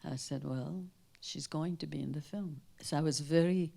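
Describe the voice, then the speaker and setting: An older woman from Canada, a guest speaker telling anecdotes at a Q&A, animated and acting out the voices of people she quotes. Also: low-pitched, moderate pace, vocal fry, few pauses. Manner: animated, acts out quoted voices, trails off and restarts. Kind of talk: anecdotal storytelling at a Q&A. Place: town hall in front of an audience.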